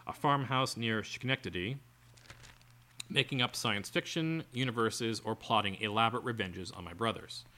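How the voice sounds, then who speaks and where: A man's voice: mid-range voice, sharp tone. A man co-hosting a podcast, reading an article aloud and breaking off into sarcastic, exasperated asides. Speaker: podcast co-host.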